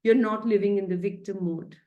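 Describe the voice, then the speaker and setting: A woman's voice: mid-range voice, steady tone, a little fast, highs cut off. A woman, a happiness coach giving a chatty, playful self-care talk over a video call, often laughing and coaxing her listeners.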